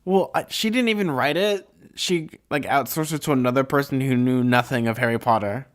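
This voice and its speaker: A man's voice: medium pitch, fairly quick. A man in the middle of his range co-hosting a casual podcast chat. He talks in a chatty, emphatic way, piling up fillers as he goes. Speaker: podcast co-host.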